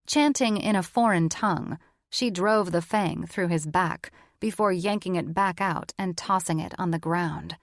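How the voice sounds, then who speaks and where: A woman narrating a fantasy audiobook in a measured, even reading voice on a close studio mic. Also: on the low side, dry recording. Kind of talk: scripted narration.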